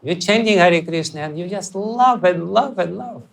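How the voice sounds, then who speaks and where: A man giving a spiritual lecture on scripture, animated and storytelling, sometimes acting out voices and chanting. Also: sits high, moderate pace, creaky, few pauses. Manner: animated, acts out scenes and chants. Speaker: spiritual teacher. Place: temple hall.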